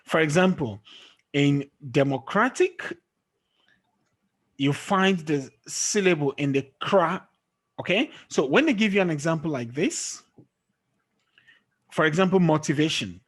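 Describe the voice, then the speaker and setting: This online English teacher speaks in a slightly high, animated voice at a measured pace, leaving long pauses. Patient with students, he quizzes them and keeps asking "okay?", heard via a screen-sharing call or recording.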